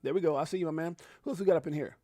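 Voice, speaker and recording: A man hosting a casual live stream, hyped and effusive, giving one shout-out after another to people watching. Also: fairly high pitch, rapid-fire, heavy background noise. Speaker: livestream host. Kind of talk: casual live-stream chat reading out viewer names.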